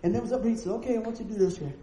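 A man preaches a storytelling sermon, acting out each character in his stories. His voice sits high but sounds warm and soft-edged. The church sanctuary gives it a roomy echo with faint noise underneath. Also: very fast. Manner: animated, acts out the people in his stories.

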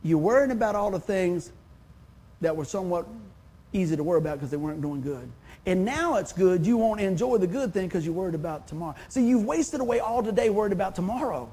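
A man's voice: sits high, expressive, quick pace, mellow, slightly rough. A man, preaching a sermon in a folksy, conversational way. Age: 50s. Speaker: pastor.

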